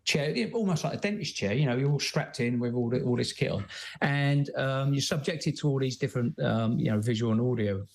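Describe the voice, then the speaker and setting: A man's voice: mid-range voice, fairly quick, gravelly, darkish tone. A man, a guest telling his story bluntly, with many fillers and restarts. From London, England. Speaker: guest, former soldier and author. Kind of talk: candid conversational storytelling.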